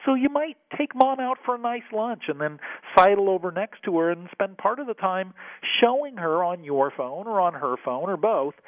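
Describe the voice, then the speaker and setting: A man speaking in a slightly high voice, earnest and explanatory, stressing words he wants to land. The sound is thin and phone-like, very dry, and there is no room around it. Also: animated, normal speed, dry recording. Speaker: tech guest expert on radio. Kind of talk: radio segment chat. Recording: tinny phone line.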